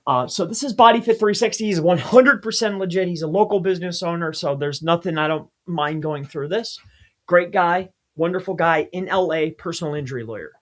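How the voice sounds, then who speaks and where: A man's voice: on the high side, fairly quick. A man giving a screen-share tutorial as an SEO consultant, speaking emphatically and addressing viewers directly.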